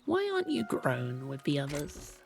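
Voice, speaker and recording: A woman's voice: deep voice, huge pitch swings, normal speed, vocal fry, darkish tone, faint music behind. A woman with a British accent giving chatty, self-mocking commentary while playing a game, often talking to things in it. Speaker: gaming channel host. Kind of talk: let's play commentary.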